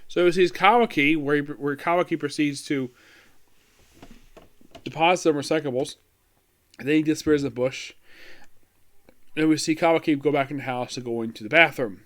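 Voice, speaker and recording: A man gives casual commentary on an anime episode. His voice sits a bit high for a man, and he rambles, restarts his sentences and throws in fillers. Now and then he adds a wry, mildly exasperated aside. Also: moderate pace, pauses often, fairly bright tone. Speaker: anime reviewer.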